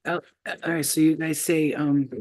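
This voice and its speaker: A woman's voice: low voice, flat delivery, moderate pace, darkish tone. A woman reads spiritual messages on a casual livestream. She rambles from thought to thought in a loose, unscripted way. Her talk is full of fillers and trailing asides. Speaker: spiritual reader.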